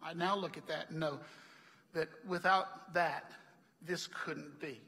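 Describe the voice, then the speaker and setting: A man's voice: on the high side, steady tone, takes it slowly, bright, forceful tone, in a large hall. A man preaching a sermon, a chatty storyteller who laughs often and acts out the people he quotes. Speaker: pastor. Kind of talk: sermon with personal stories. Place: church hall.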